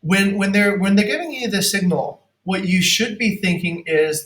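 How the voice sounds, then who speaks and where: A man's voice: high-pitched, moderate pace, a bit bright, reverberant. A man coaching negotiation in a casual way, acting out example lines and laughing often.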